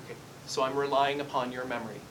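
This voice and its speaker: A psychic medium speaks in an earnest, courteous way, often excusing himself as he passes messages along. His voice sits at an ordinary pitch, and a faint background hiss and low rumble are audible. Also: fairly even intonation, fast, recorded from a distance. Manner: earnest, polite, keeps apologizing while relaying messages. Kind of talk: live reading session. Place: hair salon, indoors.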